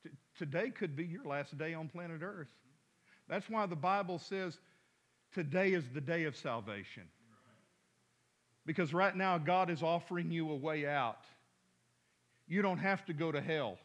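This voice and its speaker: A man's voice: on the high side, unhurried, long pauses, fairly bright tone. A male pastor preaching an impassioned, urgent sermon, often repeating words as he presses his point.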